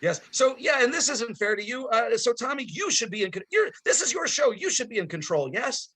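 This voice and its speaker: A high, bright male voice comes through a video call, full of excitable patter. He rambles through self-deprecating jokes while performing a card trick for the host. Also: brisk, a little hiss or hum. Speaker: guest magician. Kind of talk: joking comedic patter over video call.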